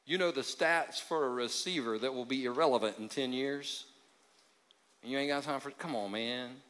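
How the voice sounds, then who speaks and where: A male pastor preaching a sermon in a conversational, joking way, with sudden drops into quiet emphasis. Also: medium pitch, normal speed. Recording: long hall reverb.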